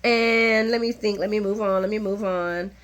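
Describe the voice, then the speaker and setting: A woman in casual chat, recapping soap episodes for her channel. She laughs often and jumps between low, muttered asides and high, excited exclamations, with an ordinary mid-range voice. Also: moderate pace. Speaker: soap opera recap vlogger.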